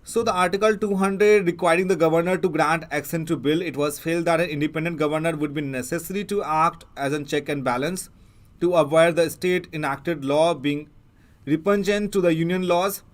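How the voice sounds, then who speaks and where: Man, Indian English accent, exam prep teacher, lecturing, fillers and restarts, slightly high voice. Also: fairly even intonation. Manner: halting, many fillers and restarts. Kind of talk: newspaper analysis lecture.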